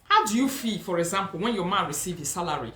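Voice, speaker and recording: A woman's voice: fairly low pitch, animated, fast talker, roomy sound, noisy background. A woman with a Nigerian accent hosting a live talk show. She reads viewer comments and makes emphatic, preachy points, mixing Pidgin and English and repeating herself.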